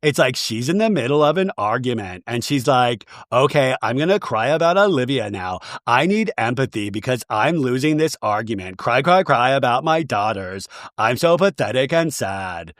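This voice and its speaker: A man putting on the voice of a blunt adult woman from a reality show, low, flat and dismissive. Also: normal speed, hardly any pauses, dry recording, studio quality, close to an everyday voice.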